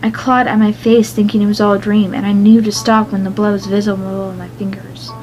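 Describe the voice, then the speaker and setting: A woman's voice: mid-range voice, flat delivery, fairly quick, a little mellow, muffled recording. A woman reading a fan fiction story aloud in a plain voice, stumbling over the odd word.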